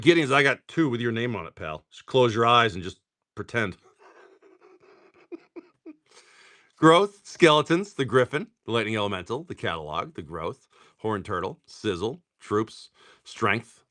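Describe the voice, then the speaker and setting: A young adult man with a medium-pitched, bright, forceful voice chats casually on a live stream while cracking packs of cards. Jokey and rambling, he reads the card names aloud in quick lists.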